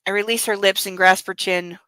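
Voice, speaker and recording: A woman's voice: medium pitch, steady tone, brisk, sharp tone, clear, resonant tone, no echo, rough recording. A woman reading a novel aloud and breaking off into indignant, sarcastic commentary with blunt swearing. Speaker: book club reader and commentator.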